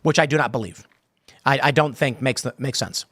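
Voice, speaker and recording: A man with a mid-range, fairly bright voice talks briskly while hosting a live show, reading chat comments aloud and riffing on them. His casual live-stream commentary rambles, packed with fillers and repeated starts. The recording is dry and studio quality.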